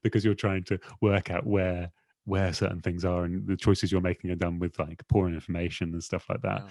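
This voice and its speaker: A man's voice: deep voice, level tone, a little fast, darkish tone, no room sound. A man, a guest editor in an interview, talking in a rambling, self-deprecating way with many fillers. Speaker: magazine editor, podcast guest. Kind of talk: casual conversational interview.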